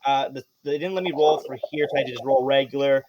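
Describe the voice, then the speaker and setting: A man running a live tabletop game as game master, narrating with animated energy, swearing and laughing. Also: mid-range voice, quick pace, muffled recording, background noise.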